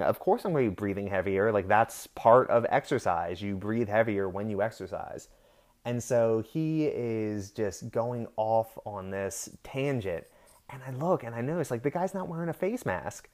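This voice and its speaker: A man's voice: fairly low pitch, lively intonation, moderate pace, darkish tone. A young man telling a heated story in a casual rant, swearing freely.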